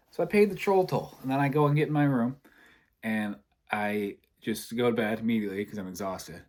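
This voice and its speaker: A young man from Michigan spins a casual yarn, his voice sitting a little low. He bounces between his own lines and everyone else's, switching voices as he goes. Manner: animated, acts out both sides of conversations. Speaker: storyteller. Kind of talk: casual storytelling.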